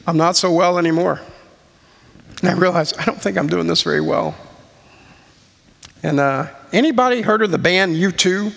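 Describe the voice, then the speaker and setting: A man in his forties giving a sermon-style personal testimony, earnest and slow with pauses. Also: high-pitched, vocal fry, fairly bright tone. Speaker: speaker sharing testimony. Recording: long hall reverb.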